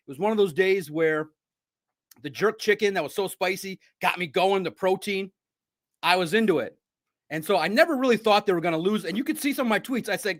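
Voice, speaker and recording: Excitable bright-voiced man recapping a game. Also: normal speed. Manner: excitable, rambling, laughs often; animated swings between loud outbursts and low asides. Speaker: sports podcast host. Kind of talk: live-stream sports recap chat.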